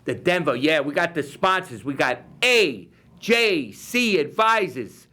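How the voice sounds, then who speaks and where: A man with a New York accent hosting a live local-TV football picks show, rambling and jokey with sudden bursts of excitement. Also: a little high, unhurried. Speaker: TV host. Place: community TV studio.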